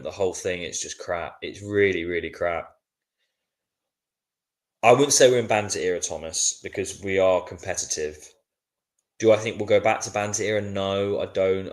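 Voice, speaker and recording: A man reacting live to a football match, worn out and grumbling. His voice sits very low. He keeps chatting back to viewers in a loose, casual way. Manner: frustrated, weary, chatty with viewers. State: sleepy, yawning. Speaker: watchalong host.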